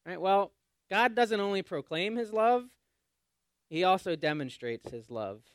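A man preaching a sermon, often asking his congregation questions and swinging between loud and hushed. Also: high voice, animated, unhurried, no room sound, clean studio sound. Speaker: pastor.

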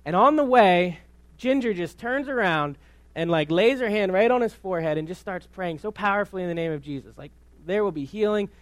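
A man in his thirties tells a personal story from the pulpit, chatty and full of restarts. His voice sits a little high, and the sound is close and dry with no room echo. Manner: conversational storytelling with many restarts. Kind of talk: sermon testimony. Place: church.

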